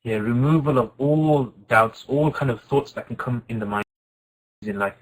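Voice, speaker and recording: A man teaching an informal Quran class, asking his students questions and reciting Arabic verses quickly. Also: medium pitch, low-quality recording. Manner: lively, asks the class questions and answers them.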